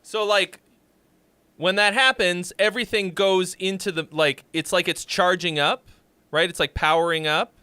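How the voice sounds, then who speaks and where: A man hosting a casual livestream, rambling and joking as he reviews songs, now and then shouting a greeting. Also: high voice, steady tone, moderate pace, smooth, no echo. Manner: rambling, jokey, with sudden loud shouts.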